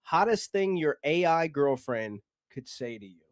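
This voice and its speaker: A man's voice: fairly high pitch, very animated, unhurried, over music. Profane, joking podcast host, a man. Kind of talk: casual podcast chat.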